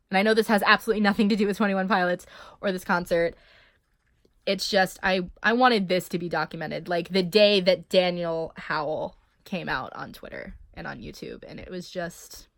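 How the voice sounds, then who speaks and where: A woman's voice: medium pitch, fairly bright tone, no echo. Emotional young woman vlogging, dry sound. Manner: emotional, swearing, lots of fillers. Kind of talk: casual vlog monologue.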